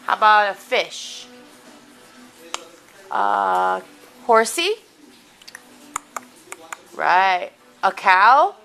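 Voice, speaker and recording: A woman filming her toddler at home on a handheld camcorder, coaxing him in slow, sing-song baby talk. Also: mid-range voice, big pitch swings, gravelly, bright, forceful tone, soft background music. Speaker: mother talking to her toddler. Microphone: handheld camcorder mic.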